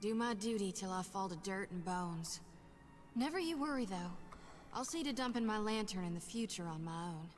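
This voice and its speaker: A woman's voice: medium pitch, animated, moderate pace, soft background music, close to an everyday voice. An actress voicing a brash, folksy young woman soul-reaper in a fantasy game, emphatic and colloquial. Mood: resolved. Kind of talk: game voice acting.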